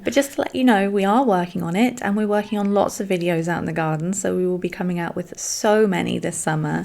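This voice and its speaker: Chatty woman with a gravelly edge. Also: mid-range voice, darkish tone. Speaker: vlogger. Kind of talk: casual vlog voice-over.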